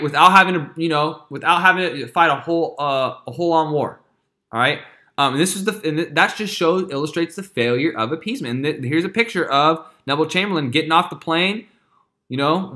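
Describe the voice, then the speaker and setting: A man's voice: high voice, pushed and bright. A man teaching a history lecture in a casual, chatty way, often checking in with his listeners.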